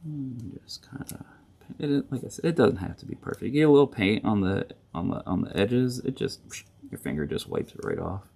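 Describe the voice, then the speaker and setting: A middle-aged man talks through a hobby tutorial in a room at home. His voice sits low and carries a gravelly rasp. He rambles in a chatty, easygoing way and keeps correcting himself mid-thought. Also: big pitch swings, fairly quick, darkish tone. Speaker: host of a board gaming channel.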